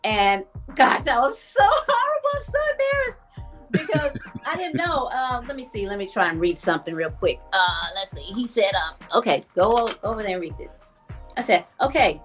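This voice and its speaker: A woman guest telling a story in a casual interview, animated and laughing, acting out the voices of people she quotes. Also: on the high side, fairly quick, over music.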